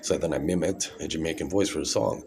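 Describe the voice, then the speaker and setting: Deep-voiced man, forties, rambling phone monologue, keeps asking "right?", light background hiss. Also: fast, a little mellow.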